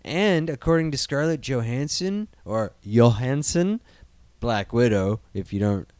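A man's voice: mid-range voice, expressive, moderate pace, a little mellow, no room sound. Profane, jokey podcast man. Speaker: podcast co-host. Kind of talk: casual podcast chat.

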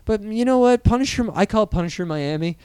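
Brief: a man, animated podcast co-host, smooth clear voice slightly high, dry close sound. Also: no echo. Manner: animated, profane, riffing with quick impressions. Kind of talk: casual chat.

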